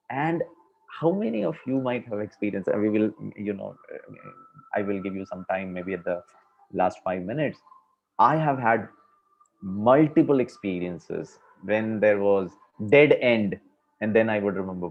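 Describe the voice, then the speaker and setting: A man's voice: on the low side, expressive, normal speed. A man giving a conversational spiritual discourse to a class, using many fillers. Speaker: spiritual speaker. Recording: dull lo-fi recording.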